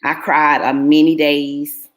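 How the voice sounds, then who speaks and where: A woman's voice: sits low, little pitch movement, slow, highs cut off. A middle-aged woman, telling a personal story to her viewers in an earnest, emotional way. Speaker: vlogger.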